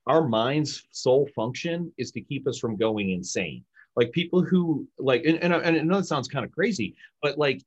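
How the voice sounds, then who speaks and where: Husky guy coaching on sales talk, dry close sound, a bit dull and lo-fi. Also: mid-range voice, dry recording. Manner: emphatic, animated, acts out example lines. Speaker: sales communication guest expert.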